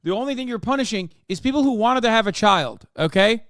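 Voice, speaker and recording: A male streamer ranting at his chat during a live reaction stream, profane and combative, often yelling. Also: high voice, expressive, brisk, no room sound, studio quality.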